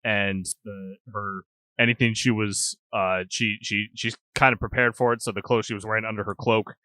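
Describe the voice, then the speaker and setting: A man playing a tabletop game, describing his character's actions in halting, restarting sentences. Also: on the low side, flat delivery, bright, forceful tone, clear, resonant tone. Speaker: player.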